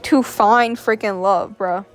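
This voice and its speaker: A woman hosting a casual reaction vlog, excitable and exasperated, talking with plenty of slang. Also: medium pitch, takes it slowly, soft background music. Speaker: host. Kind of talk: casual reaction vlog, reading a story aloud.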